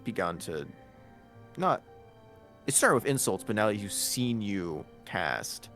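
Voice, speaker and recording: A man running a tabletop game as game master, narrating casually with halting fillers. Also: on the low side, very animated, a bit bright, soft background music.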